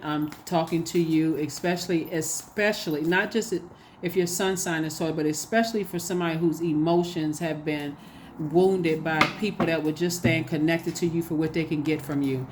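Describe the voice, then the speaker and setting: Woman tarot reader, lower voice, casual and preachy, light background noise. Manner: animated, repetitive, preachy exhortations. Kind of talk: casual spoken tarot reading.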